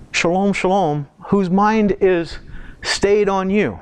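A man's voice: darkish tone, smooth. Conversational man preaching a sermon. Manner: conversational, asks the congregation questions; slows down and lifts pitch for emphasis. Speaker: pastor. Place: church.

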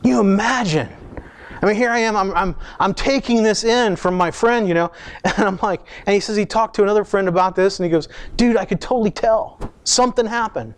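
A man preaching a sermon, retelling stories in a conversational way with lively quoted asides. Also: high voice, fairly quick, clear, resonant tone. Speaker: pastor.

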